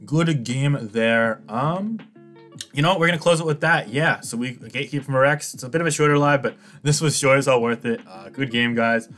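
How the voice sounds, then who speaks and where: A man's voice: mid-range voice, fast, hardly any pauses, a bit bright, soft background music. A young man giving casual, cocky commentary on his online game, teasing his opponent and laughing often. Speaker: gaming YouTuber.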